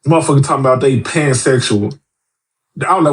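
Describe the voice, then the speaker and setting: Brisk and medium in pitch, a man guesting on a podcast chats casually in a blunt, profane style. His storytelling is lively, and he performs the quoted voices of the people involved.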